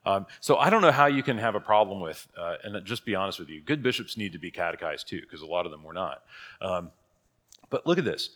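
A man's voice: deep voice, expressive, a little fast, a bit bright. A man teaching a church catechism class in a casual, conversational way, asking rhetorical questions and laughing at his own asides.

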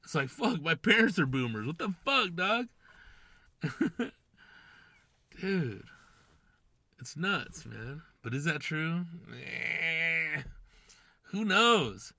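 A man's voice: fairly high pitch, sing-song, very slow, creaky, pauses often, pushed and bright, no echo, clean studio sound. A young man hosting a podcast, rambling casually with constant swearing and slang. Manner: profane, rambling, slangy, says "dude" and "man". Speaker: podcast host. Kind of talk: casual monologue.

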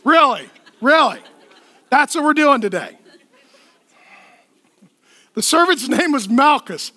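A male pastor preaching a lively, playful sermon in a church, acting out the people in the story. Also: extremely high pitch, slow pace, no room sound, clean studio sound. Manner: animated, playful, acts out voices and laughs at own jokes.

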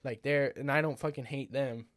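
A man's voice: mid-range voice, steady tone, moderate pace, no room sound, clean studio sound. A man from the United States in casual podcast chat, rambling and crude, laughing often. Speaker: podcast host.

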